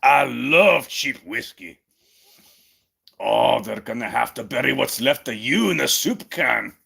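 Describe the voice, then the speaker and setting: A boozy, rowdy demolitions man, put on by a man who raises his voice above his usual register and slows it into a slurred, gleeful drawl. He boasts loudly, like a happy drunk. The tone stays rough and cheerful throughout. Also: medium pitch, expressive, pitched above the performer's own voice, exaggerated voice.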